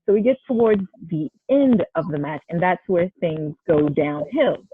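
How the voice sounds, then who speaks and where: A young woman, a wrestler guest in an interview, telling a story in an animated way and acting out what people said. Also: on the low side, unhurried, breathy edge, no room sound. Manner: animated, acts out quoted dialogue. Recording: tinny phone-like line.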